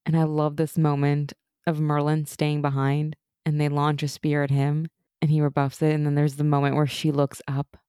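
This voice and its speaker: A woman's voice: deep voice, moderate pace, clear, resonant tone, dry recording, clean studio sound. A woman co-hosting a podcast, chatting casually through an episode recap and mocking characters in quoted lines. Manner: animated, mocking voices in quotes. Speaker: podcast co-host.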